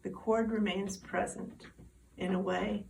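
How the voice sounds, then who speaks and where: A woman reading her poem aloud in a slow, deliberate way. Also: mid-range voice, little pitch movement, creaky, darkish tone. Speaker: poetry reader. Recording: distant mic, faint background noise.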